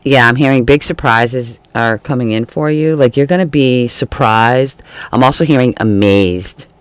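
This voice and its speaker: Man, tarot reader, casual and chatty, laughs a lot, mid-pitched voice, dry close sound. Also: normal speed, clean tone, dry recording. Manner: chatty, laughs often, acts out quoted feelings.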